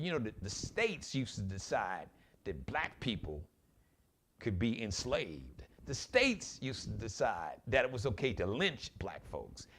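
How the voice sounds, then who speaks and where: A man's voice: mid-range voice, fairly bright tone, slight background noise. Guy doing a live rant show, voice swings way up and down, really worked up and preachy. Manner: impassioned, preachy, urges listeners directly. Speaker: host of a live commentary show. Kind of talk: opinionated solo commentary.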